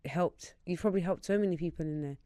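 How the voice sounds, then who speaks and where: Woman, podcast host, low mellow voice, dry close sound. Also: quick pace, clear, resonant tone, dry recording. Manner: soft reactions, probing questions. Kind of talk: interviewing. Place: podcast studio.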